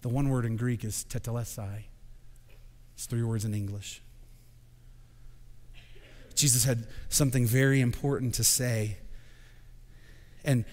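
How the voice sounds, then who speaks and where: Male pastor, sermon, swells from hush to shouting, long church-hall reverb. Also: medium pitch, steady tone, a little slow, pauses often. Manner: builds from quiet to shouting proclamation. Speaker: senior pastor. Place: church sanctuary.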